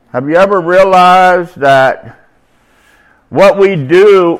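A man's voice: a little high, vocal fry. A middle-aged man preaching an informal, slangy sermon at a recovery meeting, shifting from easy talk to emphatic bursts.

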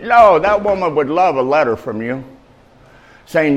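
Animated preaching man, lively pitch. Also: poor audio. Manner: animated, conversational preaching with street slang; quotes scripture loudly and slowly. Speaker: faith-based mentor preaching. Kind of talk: informal sermon.

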